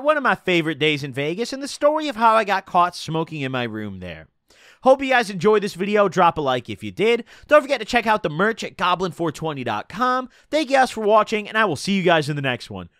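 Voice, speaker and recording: A man's voice: high voice, big pitch swings, fast, fairly bright tone, no echo, studio quality. A man hosting a casual storytelling vlog, in a loose, profane, slangy way. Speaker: YouTuber host.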